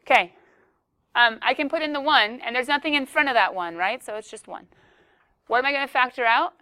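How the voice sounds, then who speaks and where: A woman's voice: high-pitched, a little fast, bright, forceful tone, clean tone. A woman teaching a classroom math lesson, playful and joking with her students as she works a problem.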